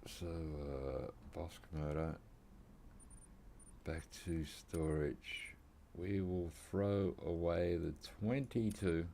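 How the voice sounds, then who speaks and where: A man's voice: sits low, fairly even intonation, extremely slow, creaky, warm tone, slight background noise. An Australian man rambling casually while he plays a hunting game, drifting into side chat. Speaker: gaming channel host. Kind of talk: casual gameplay commentary.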